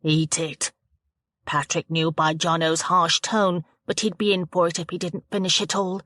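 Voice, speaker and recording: A woman reading a thriller audiobook aloud in a steady, measured narration. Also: lowish voice, no echo. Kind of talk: scripted narration of a thriller novel.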